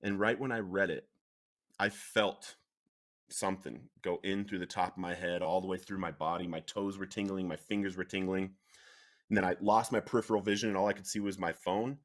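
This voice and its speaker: A man's voice: deep voice, brisk. Earnest man telling his recovery story. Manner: earnest, animated, laughs through dramatic moments. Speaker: podcast guest sharing recovery story. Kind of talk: emotional personal storytelling.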